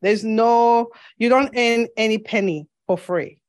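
A woman's voice: a little high, measured pace, no room sound. A woman from Zambia with a slight lisp, a podcast guest telling her story in an earnest, reflective way in a casual interview.

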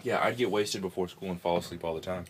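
A man co-hosting a casual podcast drinking game, laid-back and given to loud laughter. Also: deep voice, fast talker, slight background noise. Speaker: podcast co-host. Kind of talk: drunken casual chat.

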